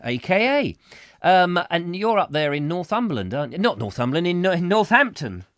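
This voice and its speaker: A man's voice: sits high, sing-song, normal speed, a bit bright, no echo, clean studio sound. A man hosting a live call-in chat show, rambling and chatty, with lots of ums as he reads out comments. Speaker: host.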